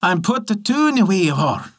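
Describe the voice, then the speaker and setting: A man's voice: high-pitched, big pitch swings, moderate pace, pitched above the performer's own voice, full character voice. A man doing a harsh, bossy fairy changeling child. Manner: bossy, cheering and commanding.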